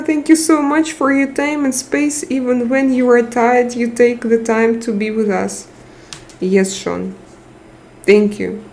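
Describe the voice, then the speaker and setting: Slow-talking tired woman streamer. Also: mid-range voice. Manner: warm, emotional, reads out chat names and thanks viewers. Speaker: live stream host. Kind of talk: casual live chat with viewers.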